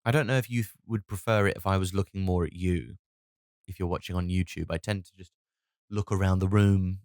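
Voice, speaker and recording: Brief: tired man, 30s, solo comic podcaster, deep voice, halting, sweary, dry close sound. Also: steady tone, a little mellow, no echo. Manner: rambling, halting with many restarts and fillers; swears casually, wry and self-mocking. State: tired from lack of sleep. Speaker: comedian and solo podcast host. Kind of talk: rambling solo podcast monologue.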